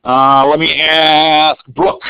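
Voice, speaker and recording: A math teacher runs a live online algebra review, cheerfully calling on students by name. His voice sits on the high side, with flat delivery, a very slow pace, vocal fry, and a smooth quality. The recording is dull, lo-fi, and dry, with no room sound.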